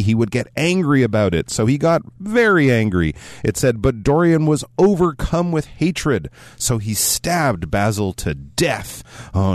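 A man's voice: on the low side, no room sound, studio quality. A man teaching an English lesson on a radio show, explaining a novel in an explanatory way and briefly acting out the characters' lines. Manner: explanatory, animated when acting out quotes.

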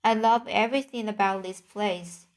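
A woman's voice: mid-range voice, steady tone, moderate pace, lightly acted. A timid, anxious young pig, as a woman reads him. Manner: anxious and pleading.

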